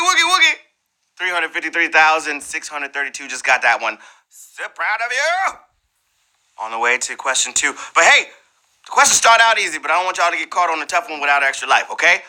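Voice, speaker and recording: A man hosting a live trivia game show in a playful, slangy, animated way, teasing the players. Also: a little high, fast talker, poor audio.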